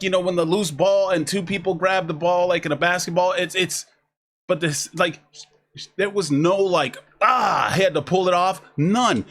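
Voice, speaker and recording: A man's voice: fairly high pitch, fairly bright tone. A man talking casually to his chat while reacting to a video, rambling, restarting his sentences and acting out what other people said. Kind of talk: casual live reaction commentary.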